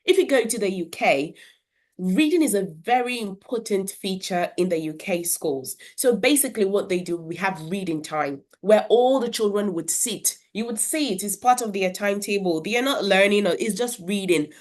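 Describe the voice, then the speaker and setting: A woman educator with a medium-pitched, expressive, slightly mellow voice speaks at a moderate pace, earnestly advising parents on reading and talking with their children. She explains carefully and briefly demonstrates character voices.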